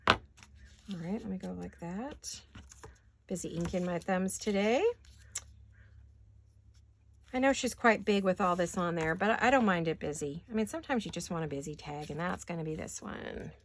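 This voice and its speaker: A woman vlogger, raspy from allergies, chatting casually and talking to herself as she makes paper crafts in her home studio. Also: on the low side, moderate pace, long pauses, a bit bright. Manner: chatty, talks to herself while working.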